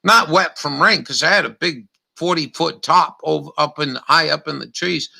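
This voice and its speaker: Gravelly older man, rambling and profane. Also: fairly high pitch, moderate pace, bright, forceful tone, echoey room, distant mic. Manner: profane, meandering storytelling. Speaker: vlogger. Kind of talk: rambling monologue.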